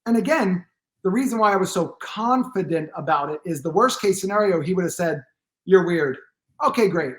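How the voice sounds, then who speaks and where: High-voiced man telling animated stories. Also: brisk. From Pennsylvania. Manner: animated anecdotes, acting out dialogue, joking. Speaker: guest posture therapist. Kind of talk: storytelling in a podcast interview.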